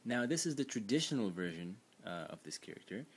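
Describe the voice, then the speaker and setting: A man's voice: fairly low pitch, big pitch swings, brisk, slightly rough. A man teaching a lesson in an unscripted, explanatory way, with frequent fillers and restarts as he points things out on screen. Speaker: language teacher. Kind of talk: screen-recorded lesson narration.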